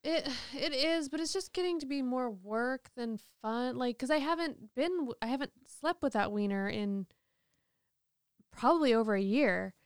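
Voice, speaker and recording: A woman's voice: high-pitched, lively intonation, moderate pace, clear, resonant tone, dry recording, studio quality. A woman in her thirties in casual chat as a podcast co-host, blunt, swearing and self-mocking.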